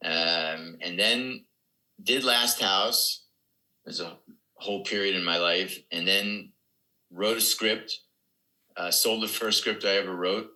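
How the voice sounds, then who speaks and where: A man's voice: low-pitched, slow pace, pauses often, bright, forceful tone, rough recording. A man in his seventies, a comedian guest telling rambling anecdotes in casual podcast talk. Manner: rambling anecdotes with quoted dialogue.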